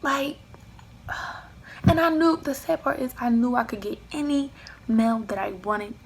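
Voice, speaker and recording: A young woman telling a personal story in a casual vlog, acting out both sides of the argument with lively emphasis. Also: on the high side, a little slow, slight background noise, poor audio. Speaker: vlogger.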